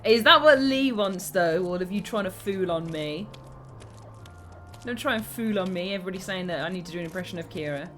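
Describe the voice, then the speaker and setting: A woman's voice: on the low side, lively intonation, a little fast, fairly bright tone, soft background music. A British woman chatting casually on a live stream, reading comments aloud and making giggly asides.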